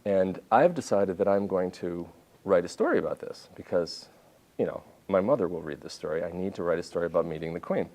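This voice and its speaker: A man in his fifties with a very low, deep voice addresses a university audience as a visiting journalist. He tells his stories in an animated way, often breaking off and restarting his sentences as he goes. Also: fairly quick. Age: 50s. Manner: animated storytelling with restarts and self-corrections. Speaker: visiting journalist giving a talk. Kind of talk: lecture with anecdotes. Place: university lecture hall.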